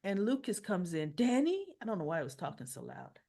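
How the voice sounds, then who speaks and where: A woman's voice: sits low, quick pace, creaky. A woman recapping a soap opera episode in a casual way, acting out the characters' lines and scolding them with her own commentary. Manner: animated retelling, acts out lines and scolds characters.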